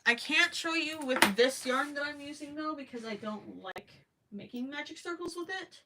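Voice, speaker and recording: A woman's voice: sits high, animated, moderate pace, background noise. A young woman hosting a casual crochet livestream, chatting to viewers, apologizing often and giggling as she thinks aloud.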